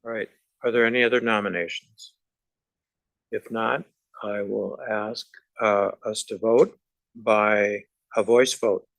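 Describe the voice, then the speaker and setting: A man chairing a formal board meeting, running the votes in a relaxed, procedural way. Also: lowish voice, takes it slowly, no room sound, low-quality recording.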